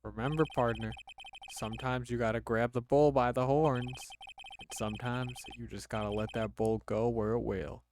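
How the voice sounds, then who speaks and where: A man's voice: mid-range voice, fairly even intonation, moderate pace, a little mellow, slight background noise, natural voice. A man voicing a folksy, easygoing Texan cowboy detective with a put-on Southern drawl.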